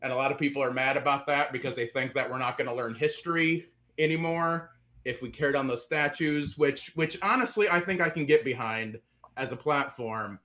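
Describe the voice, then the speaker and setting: Breathless, bright-voiced stand-up comedian. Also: male voice, mid-range voice. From Indiana, USA. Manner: self-deprecating, halting with many fillers, laughing through punchlines. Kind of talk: stand-up set on an online show.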